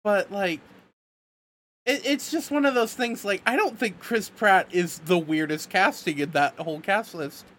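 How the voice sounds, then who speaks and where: A woman co-hosting a casual podcast chat, animated and quick to laugh, with lots of filler words. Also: medium pitch, slight background noise. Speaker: podcast co-host.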